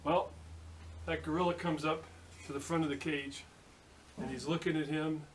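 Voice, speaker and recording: Man in his late fifties, rambling shop-floor joke teller, slightly high voice, recorded from a distance with faint hiss. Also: level tone, moderate pace. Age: late 50s. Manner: rambling, folksy, many fillers and restarts. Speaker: hobby machinist video host. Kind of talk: casual joke telling. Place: home workshop.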